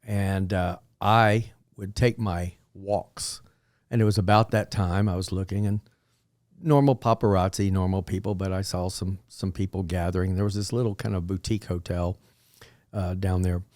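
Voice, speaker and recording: Low-voiced man from Texas, halting. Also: steady tone, darkish tone, no echo, studio quality. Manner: rambling, halting with many fillers. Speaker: podcast guest. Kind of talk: casual storytelling.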